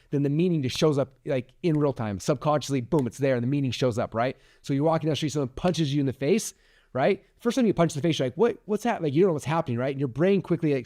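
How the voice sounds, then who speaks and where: A man's voice: medium pitch, darkish tone, no echo, clean studio sound. A man in his forties hosting a podcast, giving a rambling motivational talk full of likes and restarts. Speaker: podcast host.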